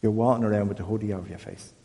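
A man leading an informal Bible talk for a small group, chatty and self-deprecating, growing more animated as he goes. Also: on the low side, racing, in a large hall. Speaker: church group leader.

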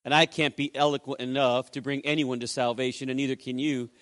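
A man's voice: mid-range voice, flat delivery, fairly quick, fairly bright tone, no room sound. A male pastor preaching a sermon, telling a story and acting out the dialogue in changing voices. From Puerto Rico. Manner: acts out dialogue with shifting voices.

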